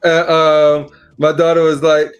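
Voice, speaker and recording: Middle-aged male podcast host, slightly high voice, lively storyteller in casual chat, faint music underneath. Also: measured pace, clean tone. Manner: animated storyteller, acts out dialogue. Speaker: father.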